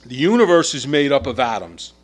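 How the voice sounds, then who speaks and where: A man's voice: mid-range voice, big pitch swings, brisk. A middle-aged man preaching a sermon in an emphatic way, his volume rising and falling. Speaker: pastor.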